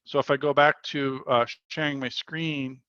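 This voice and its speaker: A man's voice: medium pitch, steady tone, moderate pace, sharp tone, no room sound, highs cut off. Earnest man leading a spiritual workshop. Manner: earnest storytelling, quoting people in dialogue. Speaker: workshop leader. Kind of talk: spiritual workshop talk over video call. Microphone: video call.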